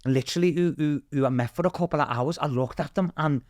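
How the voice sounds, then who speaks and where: A man with a British accent, a podcast guest telling a story in a casual, animated way, swearing freely and acting out what other people said. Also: on the high side, fast talker, no echo, clean studio sound. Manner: animated, swears freely, acts out quoted voices.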